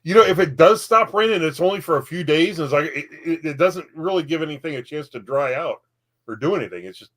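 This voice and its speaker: A man's voice: fairly high pitch, lively intonation, quick pace, fairly bright tone. A man co-hosting a casual chat, hesitant and wry, often restarting his sentences. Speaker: co-host.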